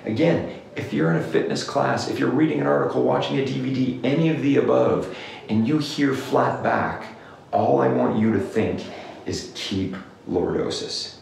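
A man's voice: mid-range voice, lively intonation, moderate pace, vocal fry, darkish tone, recorded from a distance. A male clinician giving exercise advice in an emphatic rant to camera, repeating "okay?" often. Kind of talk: direct-to-camera rant video. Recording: very echoey room, somewhat off-mic with faint noise.

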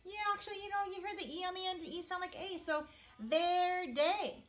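A woman first grade teacher giving a playful video lesson, animated and encouraging, mixing in Spanish phrases. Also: extremely high pitch, a little fast.

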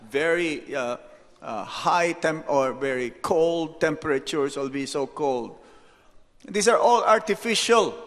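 A man, a monk, giving an unhurried devotional lecture, telling anecdotes and dropping rhetorical "hmm?" asides. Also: high voice, a bit bright. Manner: storytelling, reads out anecdotes. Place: temple hall. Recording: echoey hall reverb.

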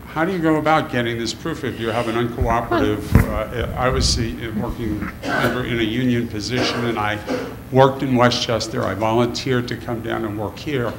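A man in the audience of a public forum, asking a question haltingly with many pauses and fillers, emotional. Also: mid-range voice, fairly even intonation. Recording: echoey hall, audible room noise.

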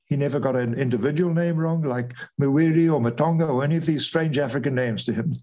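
A man's voice: mid-range voice, fast, few pauses, dull audio. Older man recounting a story. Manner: lively retelling, acts out quoted voices. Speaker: retired air force officer, guest. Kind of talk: storytelling interview.

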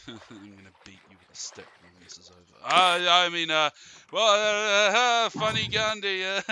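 A man's voice: sits high, pushed and bright, dull audio, a little hiss or hum. A man with a New Zealand accent hosting a gaming channel, chatting casually and laughing often while he plays. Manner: giggly, jokey, laughs often. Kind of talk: casual chat while playing a game.

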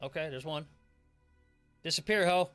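A young adult man giving excitable, profane horror gameplay commentary and laughing often. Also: fairly high pitch, normal speed, clear, resonant tone, soft background music. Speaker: gaming streamer.

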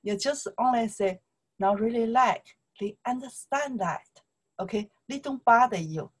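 A woman with a Chinese accent gives a relaxed online language lesson, talking slowly and asking "okay?" after nearly every phrase. Her voice is soft and a little breathy, at a medium pitch. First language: Mandarin Chinese. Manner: slow, repetitive, checks in with "okay?" constantly.

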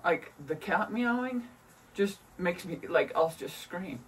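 A woman's voice: on the low side, animated, slow, far from the mic. Profane, venting woman heard from afar. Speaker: vlogger. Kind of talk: casual rambling monologue. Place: at home. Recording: voice from away from the mic, faint room noise.

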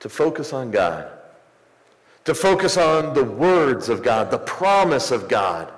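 A man preaching a sermon as pastor, rising into emphatic swells and slowing for pauses. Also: mid-range voice, very animated. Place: church sanctuary. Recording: echoey church hall, some distance.

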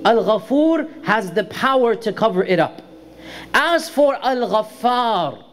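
A middle-aged man teaching a religious lecture, explaining terms carefully and repeating key words for emphasis. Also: very high voice. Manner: pronounces Arabic terms carefully. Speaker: Islamic lecturer.

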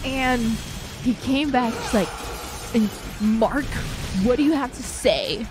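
A young adult woman co-hosting a casual chat, telling a story in an animated way and swearing casually. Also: high voice, slow pace, music in the background. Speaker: co-host. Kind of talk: casual chat while watching a show.

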